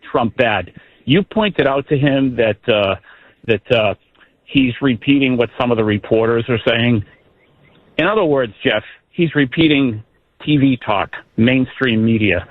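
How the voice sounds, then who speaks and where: A man's voice: mid-range voice, no echo. A man from South Carolina calling into a talk radio show, agreeing indignantly with the host. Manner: agreeing, indignant, repeating catchphrases. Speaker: caller. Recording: tinny phone line.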